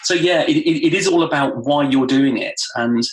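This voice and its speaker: A man, a guest trainer in a podcast interview, telling stories animatedly and acting out quotes. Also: normal speed. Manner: animated storytelling, acts out quotes with rising pitch. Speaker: guest, time management trainer. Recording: roomy echo.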